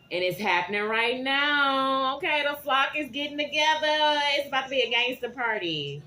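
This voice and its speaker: A woman giving a tarot reading to her viewers, animated and dramatic, often checking in with "okay?". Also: medium pitch, a little hiss or hum. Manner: animated, keeps asking "okay?". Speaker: tarot reader.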